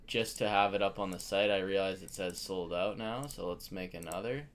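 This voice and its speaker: A man's voice: low voice, steady tone, moderate pace. A young Canadian man hosting a live card break stream, chatting casually and greeting viewers by name.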